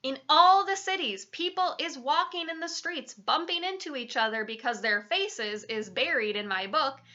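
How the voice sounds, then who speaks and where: A woman's voice: high-pitched, sharp tone, muffled recording. A woman reading a children's book aloud, engaging and talking directly to her young listeners. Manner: engaging, asks listeners questions.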